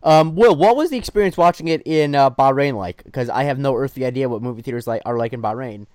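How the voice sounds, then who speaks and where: A man's voice: mid-range voice, fast, a little mellow, dry recording. A man hosting a podcast chat, joking and playful, steering the conversation. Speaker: podcast host and editor. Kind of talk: casual chat.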